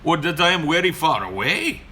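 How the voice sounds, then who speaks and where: Man putting on a flustered, high-pitched ride driver. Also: very animated, moderate pace, pushed and bright. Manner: apologetic, repeats "sir". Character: flustered, overly polite male rideshare driver.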